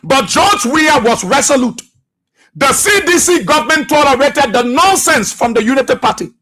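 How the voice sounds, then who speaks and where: A man with a Liberian English accent hosts a political talk radio show from a studio, his extremely high voice pushed, bright and expressive at a moderate pace. He fires off accusing rhetorical questions with mounting fervor.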